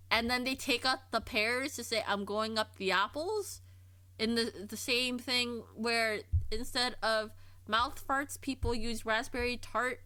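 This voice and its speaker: A woman streamer chatting casually on a livestream, curious and quick to laugh, often stumbling and repeating herself as she thinks aloud. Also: a little high, sharp tone, no room sound. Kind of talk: casual livestream chat, reading and answering chat.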